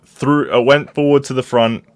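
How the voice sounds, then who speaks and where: A man's voice: medium pitch, steady tone, moderate pace, dry recording. A young man chatting casually as a podcast co-host, reacting to stories and laughing. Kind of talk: casual chat.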